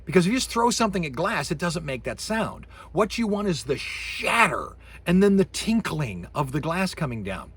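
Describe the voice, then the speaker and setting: Male lecturer, husky voice, very lively delivery, voices sound effects mid-lecture. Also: on the high side. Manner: animated, imitates sound effects with his voice. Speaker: university lecturer. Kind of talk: recorded course lecture.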